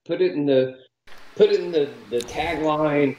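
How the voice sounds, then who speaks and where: A man's voice: fairly high pitch, sing-song, a little slow, a little mellow. A man co-hosting a podcast in casual chat, laid-back and joking. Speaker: podcast co-host. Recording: roomy lo-fi home mic with faint background noise.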